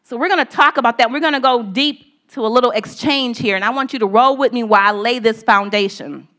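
Lady preacher, high voice, tells a story then hammers the point with repeats. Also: a little fast, a bit bright. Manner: conversational storytelling with repeated phrases. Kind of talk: sermon.

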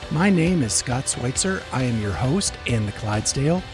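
A man's voice: mid-range voice, lively intonation, moderate pace, music in the background. A man hosting a podcast, reading the intro and a sponsor ad in an upbeat promotional way. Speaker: podcast host.

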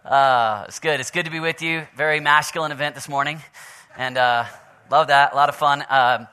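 Oklahoma-raised male preacher, bright and slightly high, chatty storyteller turned earnest pray-er. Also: steady tone, moderate pace, clear, resonant tone. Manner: joking storyteller, then earnest prayer. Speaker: pastor. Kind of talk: sermon.

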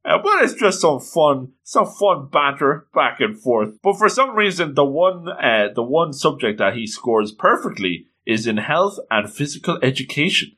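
A man excitedly recapping an anime episode, often breaking into exclamations. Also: on the high side, normal speed, hardly any pauses.

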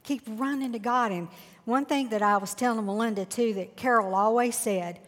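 A woman's voice: on the high side, normal speed. A woman, sharing a heartfelt faith testimony as a guest. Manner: earnest, heartfelt storytelling. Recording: long hall reverb.

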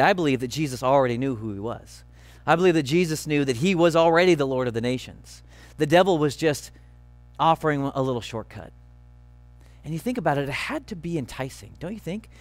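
Male pastor, sermon delivery, emphatic and earnest, high voice, dry sound. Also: dry recording. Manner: earnest, emphatic, slowing on key phrases.

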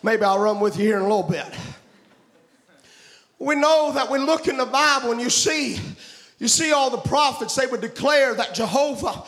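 A man preaches a fervent revival sermon in a very high, gravelly voice, often breaking into shouted, chanted sing-song. His tone is bright and sharp, and the sound rings around a roomy church. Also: normal speed, pauses often. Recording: roomy echo.

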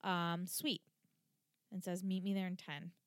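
A woman's voice: lowish voice, flat delivery, measured pace, smooth, no room sound, studio quality. A woman co-hosting a podcast, chatting casually and acting out characters' lines as she recaps an episode. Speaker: podcast co-host.

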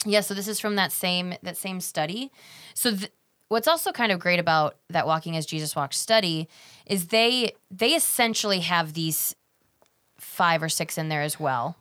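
A woman's voice: lowish voice, moderate pace, fairly bright tone. A woman co-hosting a casual faith discussion, reflecting and chiming in with agreement. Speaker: podcast co-host.

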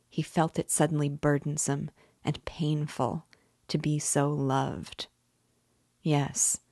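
A woman reading a classic novel aloud in a measured, steady narration. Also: low-pitched, dry recording, studio quality. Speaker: audiobook reader and guide.

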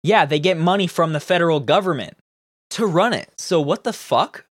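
A man's voice: a little high, big pitch swings, moderate pace, dry recording, studio quality. A young man hosting a political commentary show, ranting in a profane, exasperated, sarcastic way. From Canada.

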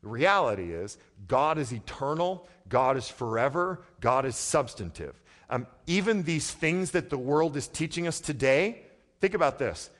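A man preaching a sermon as pastor, talking in a conversational way and swinging from quiet, low passages to loud, emphatic ones. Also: animated, moderate pace. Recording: long hall reverb.

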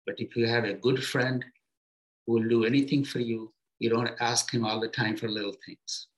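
A man giving a spiritual talk to his students as their teacher, speaking gently in short, unhurried phrases with pauses and simple everyday comparisons. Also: medium pitch, level tone, poor audio.

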